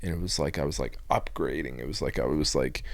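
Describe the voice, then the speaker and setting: A man with a deep, gravelly voice gives an emotional personal testimony. He rambles and stalls, piling up fillers and restarting his sentences. The sound is dry and close, with no room echo. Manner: halting, rambling storytelling full of "like" fillers and restarts. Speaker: guest giving a personal testimony.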